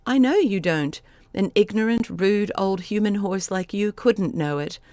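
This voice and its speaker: A sly, vain young horse, as a woman reads him in a storybook, talking down in a smug and lofty way at a mid pitch. The sound is dry and close to the mic, with no room echo. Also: unhurried, warm tone, close to an everyday voice. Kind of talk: audiobook character voice.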